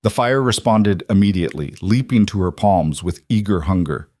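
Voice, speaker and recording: A man narrating a fantasy romance audiobook in a steady storytelling way. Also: on the low side, moderate pace, no echo.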